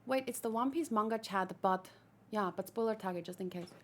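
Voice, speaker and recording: A woman's voice: mid-range voice, a little fast, a little hiss or hum. A woman streamer reading a manga aloud, with rambling, chatty commentary and casual swearing.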